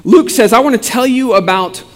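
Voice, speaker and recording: Man, pastor, animated humorous sermon storytelling, long reverb from a large room. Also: very high-pitched, normal speed.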